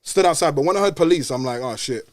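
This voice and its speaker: A young man from West London with a London accent, telling a story casually on a podcast, animated and full of street slang. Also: fairly high pitch, very fast, no room sound. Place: podcast studio.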